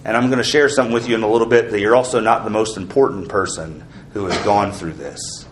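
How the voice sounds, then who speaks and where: A man's voice: on the low side, steady tone, fast talker, noisy background. A man preaching an earnest sermon as pastor, asking the congregation questions.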